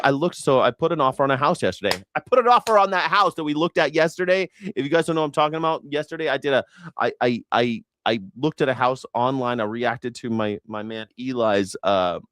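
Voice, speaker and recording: Animated and brisk, this independent news and culture commentator speaks at medium pitch with a slightly bright tone, telling rambling, profane, jokey stories on a casual livestream and acting out quotes. The recording is dry and clean, studio-grade.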